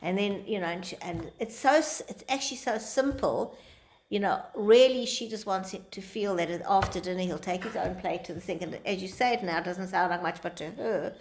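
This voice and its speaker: A woman's voice: medium pitch, a little fast, slight background noise. A woman teacher giving an informal lecture to a small group, talking conversationally and acting out quoted dialogue in different voices.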